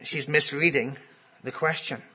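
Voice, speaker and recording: A man's voice: fairly high pitch, steady tone, measured pace, sharp tone, husky. A man preaching a sermon in a conversational way, often putting questions to his listeners.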